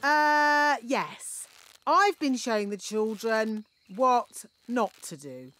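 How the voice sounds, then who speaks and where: Nanny Plum, a bossy fairy nanny. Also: female voice, a little high, lively intonation, fairly bright tone, soft background music. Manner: brisk, fussy and self-assured. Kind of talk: cartoon voice acting.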